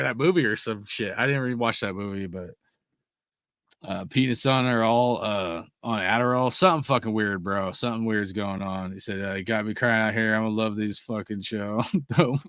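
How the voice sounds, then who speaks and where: Young male podcast host, fired-up and foul-mouthed, swears through every rant, medium pitch, close dry mic. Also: dry recording. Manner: heated, swears constantly, loud bursts. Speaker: podcast host reading live chat. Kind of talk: profane casual sports rant.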